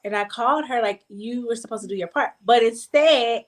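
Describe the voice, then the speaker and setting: A woman's voice: a little high, fairly quick. Emphatic woman telling a personal story. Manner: emphatic, repeats for stress. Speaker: guest. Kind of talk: casual group chat, personal story.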